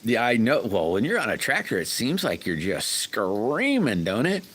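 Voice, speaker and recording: A man's voice: lowish voice, huge pitch swings, normal speed, a bit bright, breathy edge. A man hosting a casual livestream, rambling folksy stories and greeting viewers by name. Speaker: livestream host chatting with viewers.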